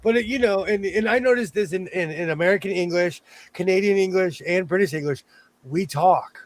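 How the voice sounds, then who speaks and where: A man's voice: high voice, fairly quick, poor audio. A man hosting a casual chat, talking in an easygoing way with lots of restarts and self-corrections. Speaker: host.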